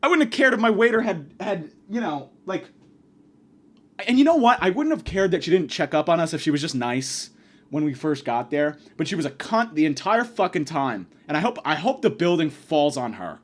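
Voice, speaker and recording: A man's voice: a little high, big pitch swings, moderate pace. A man hosting a podcast, delivering a profane, sarcastic comedic rant. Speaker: podcast host.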